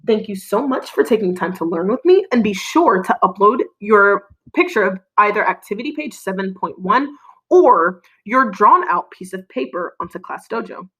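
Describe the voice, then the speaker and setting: The recording is low quality: a woman teaches small children, her middle-range voice lively in pitch, clear and encouraging. She uses call-and-response, pausing so the kids can answer.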